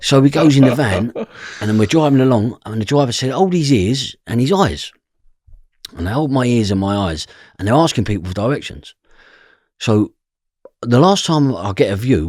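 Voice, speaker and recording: A man's voice: on the low side, darkish tone, slightly rough, dry recording, clean studio sound. A man with an East London accent, a podcast guest telling stories about his past and acting out the voices of other people. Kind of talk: storytelling interview.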